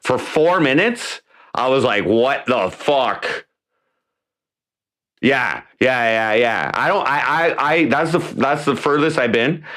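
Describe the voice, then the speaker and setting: A man's voice: medium pitch, animated, measured pace, sharp tone. A man hosting a casual livestream from home, rambling and profane, with many restarts. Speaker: livestream host; mayoral candidate.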